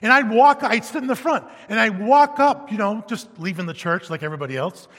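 Male pastor, high and bright, emphatic sermon delivery, long church-hall reverb. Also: fairly quick. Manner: animated, emphatic, swinging from loud to hushed.

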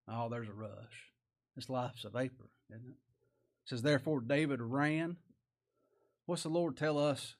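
A pastor preaches to his congregation in a folksy, homespun way. His voice sits at a middle pitch for a man. He leans on loud rhetorical questions and then drops low and quiet. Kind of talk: sermon.

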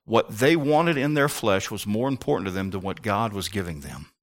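A man preaching a sermon with passion, rising to near-shouts and firing rhetorical questions at the congregation. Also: lowish voice, animated, normal speed. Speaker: pastor.

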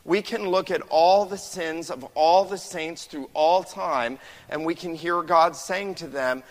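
A man preaching a sermon as pastor, impassioned, slowing down for quoted verses and building in volume. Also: fairly high pitch, big-room sound, low-quality recording. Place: church sanctuary.

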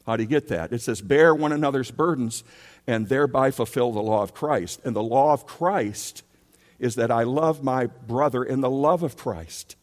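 A man's voice: medium pitch, moderate pace. Emphatic male preacher in a big hall. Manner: emphatic preacher who rises and drops in volume, repeating key words. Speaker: pastor. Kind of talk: sermon. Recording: long reverb of a large hall.

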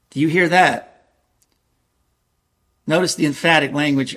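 A male preacher with a fairly high-pitched voice delivers an earnest sermon. He reads scripture aloud and leans hard on key phrases, slowing down to press them home. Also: lively intonation, a bit bright, slightly rough.

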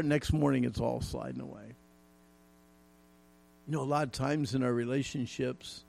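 A man's voice: mid-range voice, vocal fry, darkish tone. A middle-aged man preaching a folksy, emphatic sermon with jokes and repetition. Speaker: pastor.

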